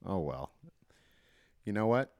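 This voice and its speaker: A man's voice: sits low, very animated, slow, gravelly, darkish tone, dry recording. A man co-hosting a podcast in casual, chatty talk, laughing often. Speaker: podcast co-host. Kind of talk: casual chat.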